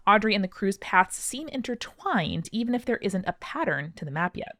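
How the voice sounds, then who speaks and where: A woman in a tabletop podcast explains the game in a relaxed, wry, storytelling way. Her voice sits in an even middle range, and the sound is dry and close. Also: medium pitch, normal speed, dry recording. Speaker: player and co-host. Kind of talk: casual podcast chat.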